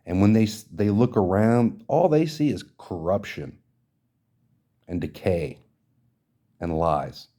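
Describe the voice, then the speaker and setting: Indignant man ranting, low mellow voice. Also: sing-song, slow, pauses often. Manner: indignant, profane, emphatic. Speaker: podcast host. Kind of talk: ranting social commentary.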